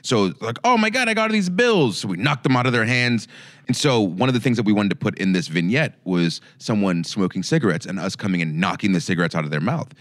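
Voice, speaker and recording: A man co-hosting a podcast, telling stories in an animated, laughing way. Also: deep voice, fast talker, dry recording, studio quality. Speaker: podcast co-host. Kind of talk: casual chat, storytelling.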